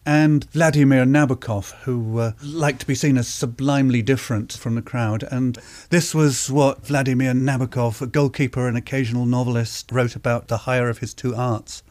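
A man from Britain presenting a reflective radio essay, musing aloud and pausing often with fillers. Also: medium pitch, fairly even intonation, a little mellow. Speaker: presenter and writer.

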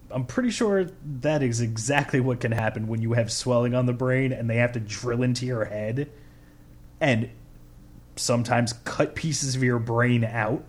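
A man co-hosting a casual podcast, arguing his point sarcastically and steering the talk forward. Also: medium pitch. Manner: sarcastic, argumentative. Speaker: podcast co-host. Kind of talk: casual chat about an anime.

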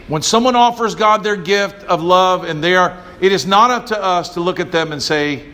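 A man with a notably high speaking voice delivers a sermon from the pulpit. He preaches emphatically and calls on the congregation to answer back. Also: normal speed, pushed and bright. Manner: call-and-response preaching, emphatic. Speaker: pastor.

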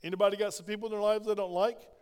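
An older male pastor preaches emphatically in a church sanctuary, putting questions to the congregation. His high-pitched, smooth voice moves very fast with fairly even intonation, and the church hall adds echoey reverb.

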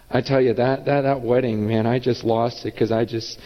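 A man preaching a sermon, telling a story with animated delivery and acting out the voices of the people in it. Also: mid-range voice, normal speed. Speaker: pastor. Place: church sanctuary. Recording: dull reverberant church hall.

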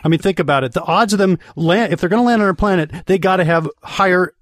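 Brief: male podcast regular, rambling excitable comic storyteller, slightly high voice, dry close mic. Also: fast, no room sound.

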